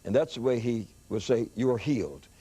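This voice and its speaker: An older man preaching, telling a story in an animated sermon style with excited rises in his voice. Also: fairly quick, husky. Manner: animated storyteller, rising pitch when excited.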